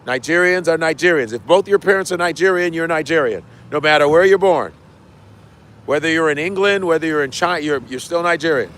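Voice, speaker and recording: A comedian from the United States chats casually with viewers on his own livestream, swearing and repeating lines for effect. His voice is fairly high, a little fast, and a bit bright.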